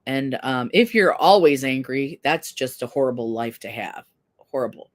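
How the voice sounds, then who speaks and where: A woman's voice: rumbling low, animated, normal speed. Earnest fifty-something woman chatting live. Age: 50s. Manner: candid, earnest, self-deprecating. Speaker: live stream host. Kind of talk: casual live chat reading viewer comments.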